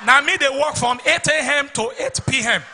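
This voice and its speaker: A comedian plays a male guard with a Nigerian accent, locked in and unbothered. He answers flatly and plainly in a high, bright voice. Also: normal speed, a little hiss or hum, full character voice. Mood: explaining. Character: male security guard locked inside, matter-of-fact.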